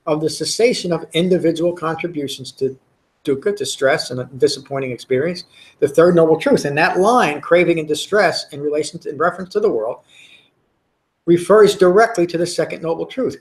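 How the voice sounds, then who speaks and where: A man giving a Dhamma talk to a meditation class, earnest and emphatic, often repeating words and restarting phrases. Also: on the high side. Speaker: meditation teacher. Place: meditation center.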